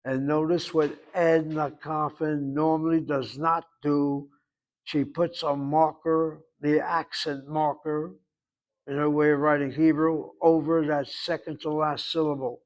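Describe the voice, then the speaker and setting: A man with a somewhat high voice teaching a language class. He explains grammar patiently but wanders into side remarks, repeating words slowly for students to copy. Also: little pitch movement, dull audio. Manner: explanatory, digressive, drills pronunciation. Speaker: Hebrew teacher.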